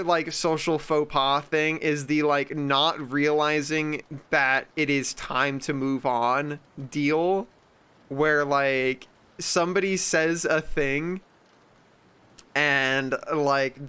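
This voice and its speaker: A man's voice: fairly high pitch, pushed and bright, clean tone. A young man streaming, chatting casually in a rambling, sarcastic way and swearing often. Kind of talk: casual chat.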